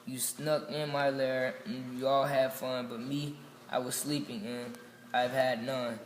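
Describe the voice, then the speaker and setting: A man's voice: mid-range voice, little pitch movement, a little slow, reverberant, in a large hall, a little hiss or hum, natural voice. A man voicing a big grumbling brown bear in a storybook read-aloud. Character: great grumbling brown bear, sulky when woken.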